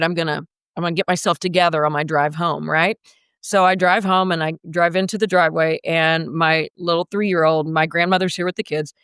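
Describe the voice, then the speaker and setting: Woman, coach, podcast guest, vivid dramatic storyteller, smooth voice, dry sound. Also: fairly low pitch, a bit bright, no room sound.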